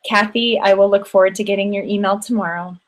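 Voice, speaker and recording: A woman's voice: mid-range voice, steady tone, quick pace, rough recording. A middle-aged woman hosting an online women's circle, wrapping up with encouraging, affectionate remarks and frequent ums, speaking into a computer mic. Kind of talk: warm closing remarks to a live online group.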